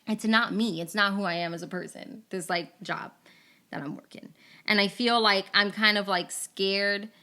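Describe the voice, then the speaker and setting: A young woman co-hosting a podcast, chatting casually and laughing often, slipping into quick put-on voices. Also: mid-range voice. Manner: laughing, animated, slips into put-on phone voices. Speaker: podcast co-host. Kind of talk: casual chat.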